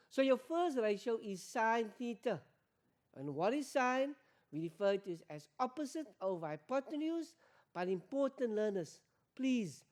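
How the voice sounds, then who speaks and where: A woman's voice: medium pitch, a little mellow. A woman teaching an exam revision maths lesson, repeating key points and quizzing learners with questions. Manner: addresses learners as guys.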